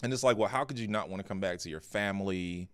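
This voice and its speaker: A man, a pastor co-hosting a podcast, telling a personal story in an earnest, animated way with frequent restarts. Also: low voice, fast talker, smooth, no echo. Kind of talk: casual podcast conversation.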